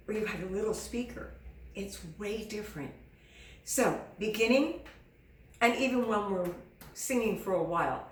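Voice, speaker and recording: A woman's voice: fairly low pitch, echoey room, far from the mic, slight background noise. A middle-aged woman singing teacher giving earnest, encouraging advice to beginners and acting out their self-doubt. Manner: earnest, encouraging, acts out students' inner doubts. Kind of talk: direct-to-camera teaching.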